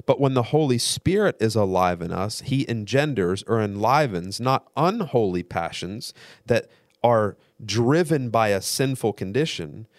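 Man, low voice, dry close sound, guest host teaching theology, earnest and measured. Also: dry recording. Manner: earnest, measured explaining with repetition.

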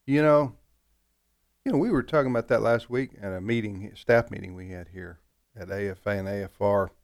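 A man's voice: on the low side, fairly even intonation, brisk, a little mellow. A man hosting a radio trivia show, talking in a joking, rambling, self-deprecating way in a studio. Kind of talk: casual radio trivia banter.

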